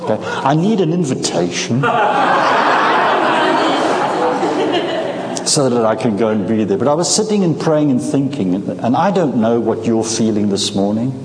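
A man's voice: mid-range voice, lively intonation, fairly quick, few pauses, heavy background noise. Scottish man preaching in an echoey hall. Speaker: guest preacher. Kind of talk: sermon. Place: church sanctuary. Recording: echoey church hall, faint ambience.

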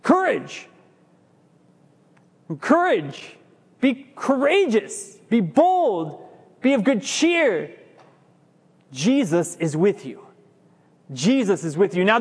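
A male pastor with a very high voice delivers a lively sermon to his congregation. He lingers on the words he wants to land and trips over himself now and then. His voice rings through the long reverb of a church hall. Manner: lively preaching, stretches key words, stumbles and restarts. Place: church sanctuary.

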